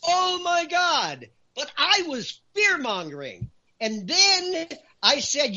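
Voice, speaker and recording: A man's voice: extremely high pitch, wildly swooping pitch, slow, sharp tone, lo-fi sound. A man giving emphatic talk-show commentary as a guest, raising his voice to stress his points and counting them off in punchy lists. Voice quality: raises voice for emphasis.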